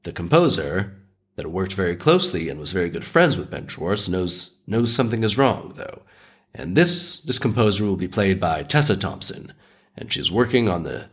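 A man hosting a podcast, retelling a fairy tale in a sardonic, animated way while still recovering from an illness. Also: deep voice, breathy edge. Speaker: podcast host.

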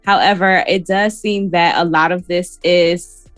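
A woman's voice: lowish voice, steady tone, a little slow, a bit bright, no echo, faint music behind. A woman co-hosting a casual podcast, explaining clinical diagnoses in plain talk and laughing between points. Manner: clinical terms mixed with laughing banter. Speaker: podcast co-host, therapist. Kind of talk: casual chat.

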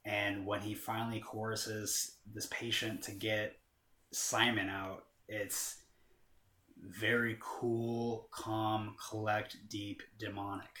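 A man's voice: lowish voice, level tone, slow pace, bright, forceful tone. A man talking in a casual chat, rambling with lots of filler words and casual swearing. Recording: roomy echo.

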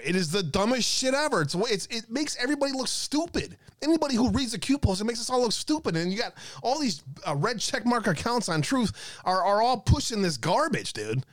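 A man's voice: sits high, very animated, a little fast, dry recording. Profane ranting man, dry close sound. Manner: profane, exasperated ranting, reading viewer comments. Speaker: host of an online talk stream. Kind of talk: ranting live-stream talk.

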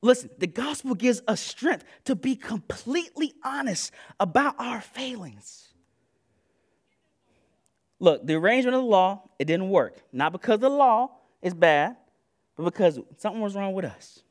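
A man with a high-pitched voice preaches a sermon at a moderate pace. His delivery is animated, conversational and slangy, and he keeps saying "listen" to drive his points home.

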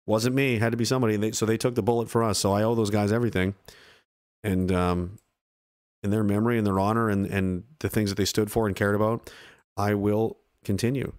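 A man's voice: fairly low pitch, steady tone, fairly quick, darkish tone. A man in his thirties from Canada, a veteran streamer giving blunt, profane, heated commentary to his live chat. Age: 30s.

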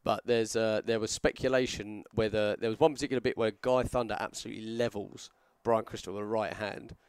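A man's voice: on the low side, fairly quick, clear, resonant tone, no echo. A man co-hosting a podcast, a wrestler, telling long rambling stories in casual chat and perking up when he quotes people. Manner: rambling storyteller, animated when quoting others.

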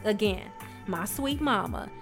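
A woman's voice: mid-range voice, lively intonation, a little slow, music in the background. A woman giving a sassy, emphatic motivational pep talk as a podcast host. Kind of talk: motivational monologue.

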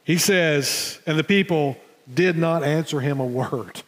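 A man with a high voice preaches in a church sanctuary, his words trailing into a long hall reverb. He tells the story with dramatic pauses and restarts, often repeating words. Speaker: pastor. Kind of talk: sermon.

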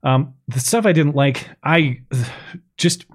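A man's voice: on the high side, slow. Man ranting casually about a movie. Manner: chatty, sarcastic, animated complaining. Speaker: podcast host. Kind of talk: casual chat reviewing a film.

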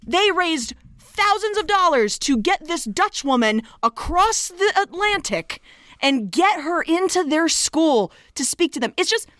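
Woman, podcast co-host, high voice, very lively swooping pitch, dry close sound, enthusiastic. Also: a little slow, no echo. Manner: enthusiastic, expressive. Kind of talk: casual movie recap chat.

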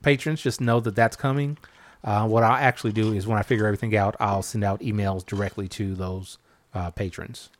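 A man hosting a podcast, relaxed and joking, steering the talk to show business. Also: lowish voice, a little fast. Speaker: podcast host. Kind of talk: casual podcast chat.

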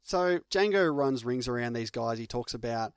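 A man's voice: mid-range voice, animated, normal speed, smooth, dry recording, clean studio sound. A young adult Australian man co-hosting a casual film podcast, arguing his opinions in a critical, blunt way. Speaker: podcast co-host.

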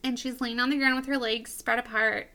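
Giggly, gravelly woman podcast co-host. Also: a little high, a little fast. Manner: giggly, animated, rambling. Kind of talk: casual chat, retelling a comic.

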